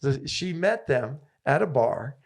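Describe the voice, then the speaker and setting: Older coach, gravelly, mid pitch, enthusiastic storyteller. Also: male voice, lively intonation, takes it slowly. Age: 70s. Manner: enthusiastic, repetitive rallying phrases. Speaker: tennis coach. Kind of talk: interview guest storytelling.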